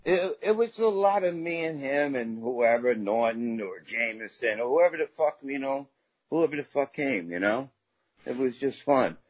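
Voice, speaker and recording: A middle-aged man with a husky, slightly rough voice tells rambling stories full of swearing, like a guest comedian chatting freely on a podcast. The recording sounds dull and a little lo-fi. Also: medium pitch, animated, normal speed, dry recording. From Staten Island, New York. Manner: profane, rambling anecdotes. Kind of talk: casual podcast storytelling.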